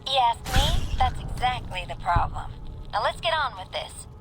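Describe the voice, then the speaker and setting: A woman's voice: on the high side, sing-song, moderate pace. An actress playing a bitter woman resigned to a grim fate, speaking sharply. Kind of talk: video game voice acting. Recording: game scene with loud music behind. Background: music.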